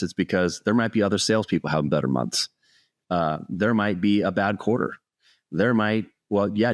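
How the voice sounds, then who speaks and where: A middle-aged man, a sales speaker, telling a personal story in an earnest, animated way during an interview. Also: deep voice, dry recording, clean studio sound.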